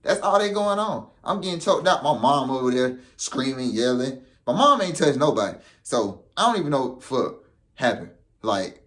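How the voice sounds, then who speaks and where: A young man telling a story in casual vlog style, with profane street slang. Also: mid-range voice. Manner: animated, profane street slang, acts out quotes. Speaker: vlogger.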